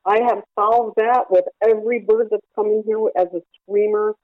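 A woman's voice: mid-range voice, steady tone, moderate pace, no room sound. A woman who runs a parrot rescue, explaining her training at length with examples in a phone-in radio interview. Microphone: telephone. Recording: tinny dry phone line.

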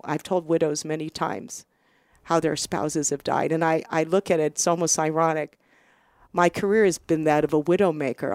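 A middle-aged American woman, a doctor hosting her own show, telling a personal story in an earnest, reflective, quiet way with some halting restarts. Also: low voice, dry recording, studio quality.

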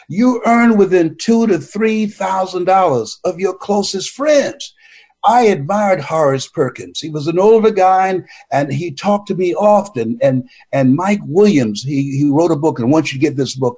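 Animated man giving a motivational speech. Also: sits high. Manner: animated storytelling, repeats words when excited; preacher-like cadence. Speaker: motivational speaker.

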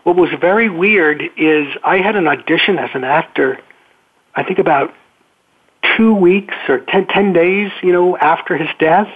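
An older man, an actor guest, telling a story on a call-in interview in a relaxed, halting way. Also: on the high side, husky. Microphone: telephone. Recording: phone-line call-in.

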